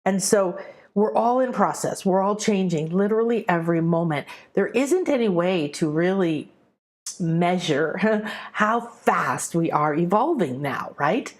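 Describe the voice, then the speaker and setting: A middle-aged woman, a spiritual teacher, giving a chatty, animated spiritual talk to a live audience and acting out quoted voices. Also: lowish voice, normal speed.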